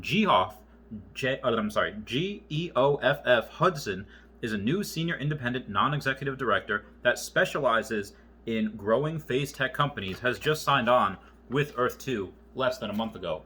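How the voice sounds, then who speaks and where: A man's voice: mid-range voice, animated, normal speed, sharp tone, slight background noise. A young man giving a casual vlog update, rambling as he reads aloud from handwritten notes. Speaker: gaming and investment YouTuber.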